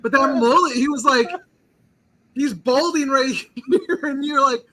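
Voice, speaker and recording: A male host with a high voice and a sharp, cutting brightness. He leads a casual chat, rambling eagerly and leaning on "like" as he thinks aloud. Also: a little slow, poor audio. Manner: eager, rambling, heavy use of "like". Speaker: podcast host.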